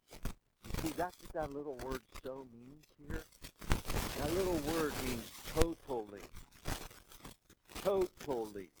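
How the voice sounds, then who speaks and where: A man preaching a sermon who keeps asking the congregation questions and swings between soft and loud. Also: a little high, no room sound, low-quality recording. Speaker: pastor.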